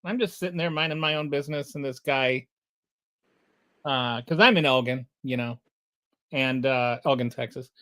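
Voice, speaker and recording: A man's voice: mid-range voice, moderate pace, long pauses. A middle-aged man hosting a podcast, telling a casual, rambling story full of fillers. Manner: animated anecdote teller, rambling with filler words. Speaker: podcast host.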